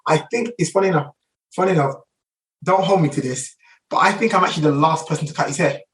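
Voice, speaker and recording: Fast-talking London man telling stories. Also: fairly high pitch, a bit bright, recorded from a distance, rough recording. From England. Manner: rapid anecdotal, many fillers. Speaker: guest barber. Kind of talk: casual storytelling interview.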